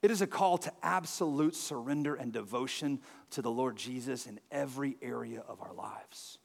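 A man preaching as pastor, talking in a conversational way with frequent fillers and lively storytelling. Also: medium pitch, moderate pace, vocal fry. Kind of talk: sermon. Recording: reverberant church hall.

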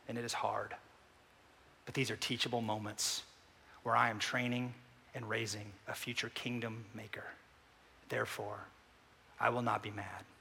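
A man preaching a sermon as a pastor, swinging from loud emphatic refutations to soft, low asides. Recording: long hall reverb.

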